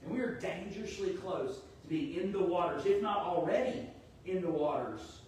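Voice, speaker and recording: A man's voice: high voice, moderate pace, very echoey, far from the mic, slight background noise, low-quality recording. A man preaching a sermon in a conversational, storytelling way. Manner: conversational, storytelling, animated when quoting. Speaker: pastor.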